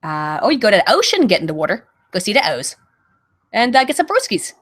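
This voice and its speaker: Brief: woman doing a brash Baltimore local gal, lively drawling delivery, thick Baltimore accent. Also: mid-range voice, brisk. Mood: joking.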